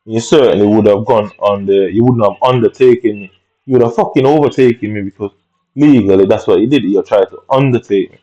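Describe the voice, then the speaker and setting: A man's voice: lowish voice, brisk, warm tone, highs cut off. A man with telling an angry personal story, rambling and profane, full of tag questions. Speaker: vlogger.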